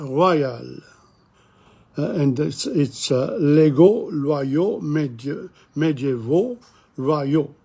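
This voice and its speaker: Older male teacher, gravelly, husky, a little high-pitched, repeats words for practice, opinionated asides. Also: a little mellow. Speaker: language teacher. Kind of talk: informal video lesson. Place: bookshop.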